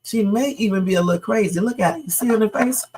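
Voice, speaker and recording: Streamer reacting to clips, cussing a lot, talks right to chat, middle pitch. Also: quick pace, darkish tone, a little hiss or hum. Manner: blunt, profane, talks straight to viewers. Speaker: livestream host. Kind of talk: casual reaction commentary.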